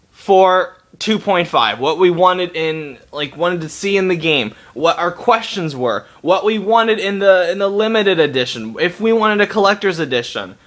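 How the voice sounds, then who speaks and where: Angry high-pitched man ranting. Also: fairly bright tone. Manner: heated, profane, repeats and restarts himself. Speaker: gaming vlogger. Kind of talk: angry rant to camera.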